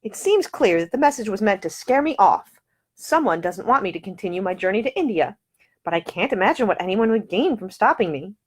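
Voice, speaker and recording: A woman voicing a poised young woman perfumer who turns crisp and indignant when pushed. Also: medium pitch, lively intonation, brisk, pitched above the performer's own voice. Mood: puzzled.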